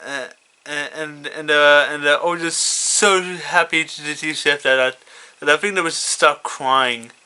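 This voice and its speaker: Guy reading his own fan story, lots of ums and stutters, super bright clear voice. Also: fairly high pitch, steady tone. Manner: halting, stuttering, many fillers. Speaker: fan fiction reader.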